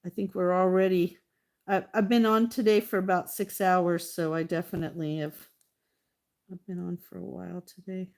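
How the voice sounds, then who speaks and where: A woman's voice: on the low side, little pitch movement, normal speed, creaky. A middle-aged woman chatting casually while she paints live, talking to her painting and thanking viewers. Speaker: artist livestreaming.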